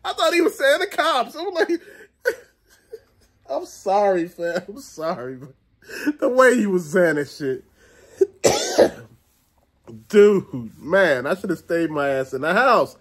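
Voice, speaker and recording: A man's voice: high voice, slow, pauses often, breathy edge. A middle-aged man rants through a comic story. His voice rises and falls widely as he acts out other people's lines. He swears freely and keeps breaking into laughter. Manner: animated, profane, acts out quotes, laughs often. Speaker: show host. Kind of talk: comedic storytelling rant.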